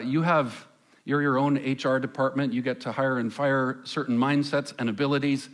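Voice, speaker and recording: A man preaching a sermon as pastor on a church stage, conversational, asking the congregation questions and pausing for effect. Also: medium pitch, fairly bright tone. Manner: conversational, asks the congregation questions, dramatic pauses.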